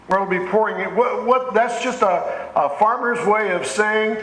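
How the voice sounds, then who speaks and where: A man pastor delivering a sermon, his voice pitched a little high and carrying around an echoey church sanctuary. He tells homespun stories and rises in emphasis when he quotes scripture. A faint room hum sits behind him. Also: unhurried, a bit bright. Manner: folksy storytelling with rising emphasis on scripture.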